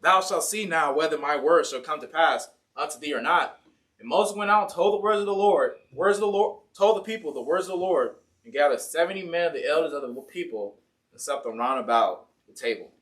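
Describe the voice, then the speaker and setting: Ohio man, higher register, casual church sermon, a step off the mic. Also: lively intonation, a little fast, a bit bright, distant mic. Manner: casual, voices complaining Israelites and God in everyday speech. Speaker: preacher. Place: church sanctuary.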